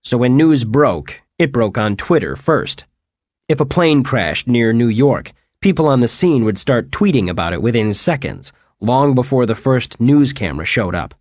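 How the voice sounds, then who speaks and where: A man's voice: medium pitch, big pitch swings, normal speed, no room sound, lo-fi sound. A man narrating a first-person comic horror audiobook in a wry storytelling manner. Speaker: audiobook reader.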